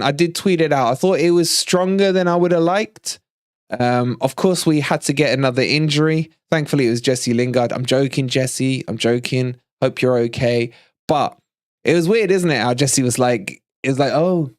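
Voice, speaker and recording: A man hosting a fan live stream, chatting casually, animated and teasing, with frequent laughs. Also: a little high, no room sound, clean studio sound. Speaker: fan channel livestream host.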